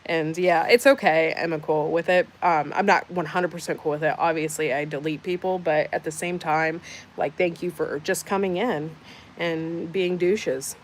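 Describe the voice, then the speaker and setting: A woman's voice: deep voice, fairly even intonation, normal speed, slight background noise. A woman hosting a casual livestream, reading out chat comments with sarcastic, teasing banter. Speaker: livestream host.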